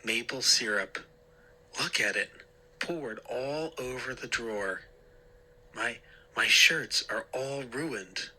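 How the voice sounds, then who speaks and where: Whiny teen bro, voiced by a man, husky, tense. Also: mid-range voice, slow, pushed and bright, exaggerated voice, poor audio. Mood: upset. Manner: wailing, whiny. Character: whiny upset teenage brother.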